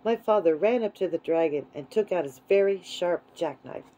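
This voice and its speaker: A woman reading a children's book aloud in a gentle, unhurried way. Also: on the low side, poor audio. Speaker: storyteller.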